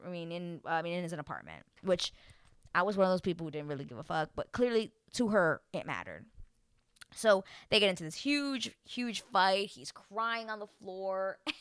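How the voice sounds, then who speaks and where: Animated woman recapping reality TV. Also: mid-range voice, no room sound, clean studio sound. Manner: animated, mimics the people she describes. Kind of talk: casual chat.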